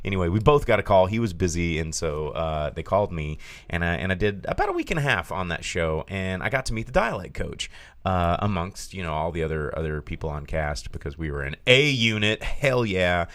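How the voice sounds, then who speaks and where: A man with a Southern US accent, co-hosting a podcast, telling lively stories in a casual way and swearing now and then. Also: sits low, brisk. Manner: animated storyteller, swears casually. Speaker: podcast co-host. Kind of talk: casual chat.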